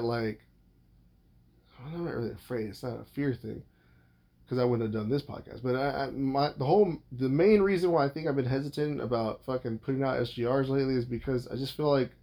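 A man's voice: medium pitch, darkish tone. A young adult man hosting a podcast, talking in a casual, rambling monologue with a blunt manner and a lot of swearing. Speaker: podcast host.

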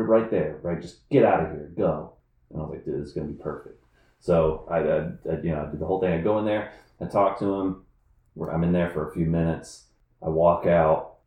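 A man's voice: sits low, echoey room. A man telling a workplace story in casual chat, acting out other people's lines as he goes. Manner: animated storyteller, acts out shouted lines.

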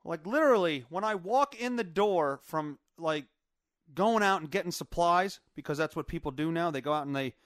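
A man with a fairly high voice rambles through a casual solo podcast from his basement, swearing freely and stumbling over fillers. The sound is dry and close, with almost no room echo. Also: lively intonation, moderate pace, fairly bright tone. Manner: rambling, profane, frequent filler words. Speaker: podcast host. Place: home basement.

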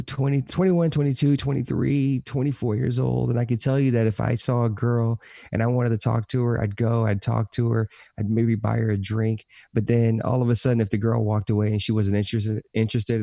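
A man's voice: mid-range voice, vocal fry, mellow, no room sound, studio quality. A man speaking earnestly on a podcast, telling a personal story with emphatic repetition of key phrases. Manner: self-described positive motivational talker.

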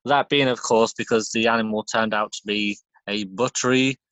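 A man co-hosting a comedy podcast, reading made-up news with deadpan puns and chuckles. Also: lowish voice, moderate pace, dry recording.

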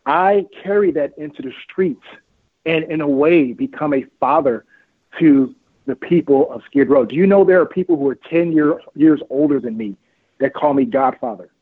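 A man's voice: a little high, moderate pace, slightly rough, no echo. A man being interviewed as a street outreach worker, talking in a fervent, preachy way, repeating his points and laughing often. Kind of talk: preachy, emphatic interview talk. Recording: phone-line audio.

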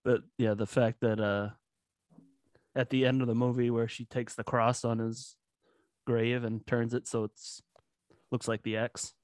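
Slow guy, kinda hesitant, lots of uh, dry room. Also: mid-range voice, flat delivery, darkish tone, dry recording. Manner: hesitant, searching for words. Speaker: podcast guest. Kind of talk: casual chat.

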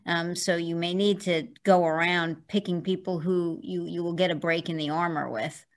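Chatty lawyer host on a video call. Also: female voice, fairly low pitch, steady tone, normal speed. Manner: chatty, laughs easily, explains at length. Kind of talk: casual interview.

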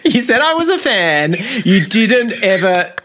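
A man's voice: sits high, very animated, unhurried, pushed and bright. A man chatting on a podcast, laughing and poking fun at himself. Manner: laughing, self-mocking. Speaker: podcast co-host. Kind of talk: casual chat.

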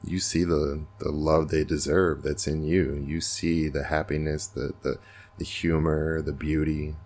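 A man's voice: very deep voice, little pitch movement, unhurried, a little mellow. A man hosting a podcast, talking earnestly and reflectively in a casual spiritual monologue. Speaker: podcast host.

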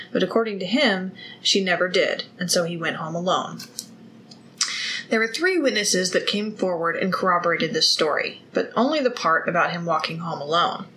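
Woman, podcast host, casual true-crime storytelling, chatty, bright tense tone. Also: lowish voice, slight background noise, low-quality recording. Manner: chatty, reads case notes then riffs with jokes.

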